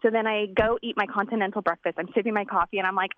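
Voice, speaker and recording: A woman telling a comedic personal story, animated and acting out voices as she goes. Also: mid-range voice, rapid-fire, few pauses, dry recording. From United States. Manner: animated, acts out voices in quotes. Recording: dull, lo-fi dry recording.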